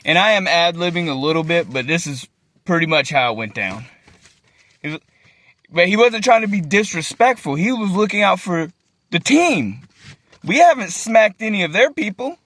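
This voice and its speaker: A man's voice: high-pitched, very animated, moderate pace, fairly bright tone, no echo. A young man, ranting to his phone camera in an agitated, profane way and repeating himself. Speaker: vlogger. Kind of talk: emotional rant to camera.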